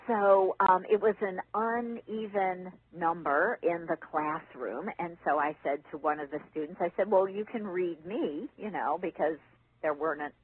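A woman guest, an author and teacher, telling stories in a casual interview, animated and laughing often. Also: lowish voice, normal speed, a little hiss or hum. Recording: phone-line audio.

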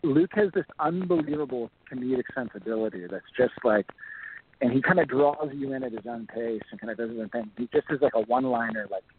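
A man's voice: mid-range voice, brisk, a little hiss or hum. A man from Texas, an actor, chatting as a guest in a casual interview, rambling with plenty of fillers. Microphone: phone call. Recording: tinny phone line.

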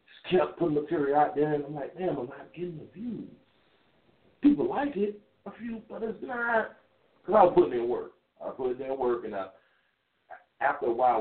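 A man in his thirties hosting a radio show, talking in a loose, rambling, candid way with some swearing while he drives. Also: lowish voice. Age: 30s. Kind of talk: casual call-in radio monologue. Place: in a car while driving. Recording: tinny phone line, echoey.

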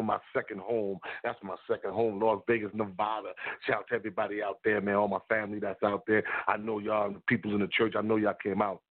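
A man in New York talking excitedly to the camera, giving repeated shout-outs, close to the mic. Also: on the low side, narrow, tinny audio. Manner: hyped, repetitive shout-outs. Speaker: video blogger. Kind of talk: excited casual monologue.

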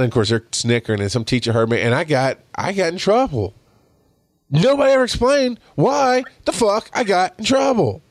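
A man in his forties hosting a podcast, telling stories in a rambling, animated way with lots of restarts. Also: medium pitch, dry recording. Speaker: podcast host. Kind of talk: casual storytelling monologue.

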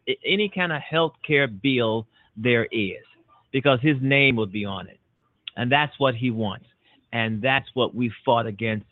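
A man hosts a political talk show on Chicago-based internet radio, hammering his points with emphatic, repeated, punchy declarations at a measured pace. His middling-pitched voice comes through a narrow, tinny phone-like line, dry with no room sound.

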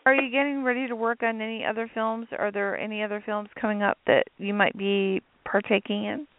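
A woman's voice: mid-range voice, level tone, a little fast. A woman hosting an interview, encouraging her guest with frequent affirmations. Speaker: host. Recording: phone line, dry.

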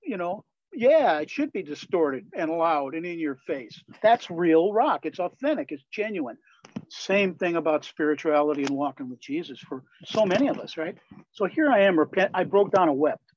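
An older man from Wisconsin, USA, a Christian musician and pastor appearing as a guest, tells stories in a conversational interview. His fairly high voice moves at a moderate pace, candid and lively, on slightly dull lo-fi sound.

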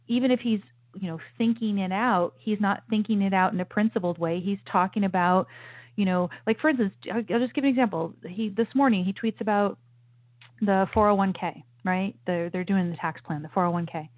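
A woman's voice: mid-range voice, dry recording. A woman hosting a political commentary show, talking in an opinionated, emphatic way with frequent restarts and asides. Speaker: host. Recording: tinny phone-like sound, dry.

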